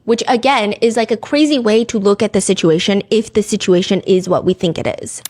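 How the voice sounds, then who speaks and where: A woman's voice: mid-range voice, fairly quick, few pauses, a little mellow. A woman hosting a podcast, telling a true-crime story in a casual, chatty way, often saying "like" and reading quotes aloud. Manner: chatty, filler-heavy, reads quotes aloud. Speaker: podcast host.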